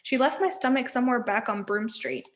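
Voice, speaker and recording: A woman teacher reading a novel aloud to learners, expressive and giving each character a voice. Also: fairly high pitch, fairly quick. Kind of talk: storybook read-aloud.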